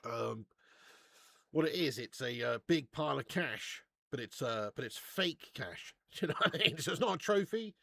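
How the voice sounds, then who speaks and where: A man's voice: medium pitch, expressive, normal speed, creaky, a bit bright, dry recording. A man hosting a live football watch-along, reading out viewer messages and bantering with plenty of swearing and laughter. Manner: reads out viewer super chats.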